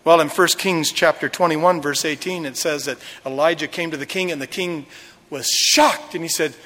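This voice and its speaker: A man's voice: a little high, normal speed, sharp tone, long reverb tail. A male pastor preaching a sermon, retelling a story dramatically with acted quotes.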